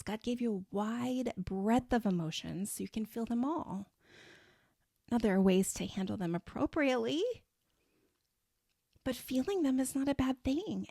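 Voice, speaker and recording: A woman's voice: medium pitch, mellow, no room sound, studio quality. A middle-aged woman hosting a faith-based podcast, talking earnestly and encouragingly, often acting out an anxious inner voice. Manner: earnest, encouraging, frequent asides and acted-out inner monologue. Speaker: podcast host.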